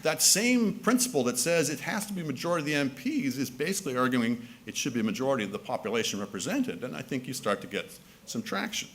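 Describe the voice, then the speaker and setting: A man's voice: mid-range voice, fairly bright tone, a little hiss or hum. A man giving a public speech at an assembly, wry and argumentative, often restarting his sentences with fillers. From Canada. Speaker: speaker. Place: assembly hall.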